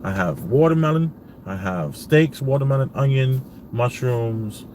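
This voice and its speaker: A man in his parked car, speaking at a middling pitch as he rambles through a story. He tells it casually and stops often to recount what he said and what was said back. A faint hum of noise runs under his voice. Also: unhurried, a little mellow. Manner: rambling, retells dialogue with many "I says" asides. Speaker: vlogger.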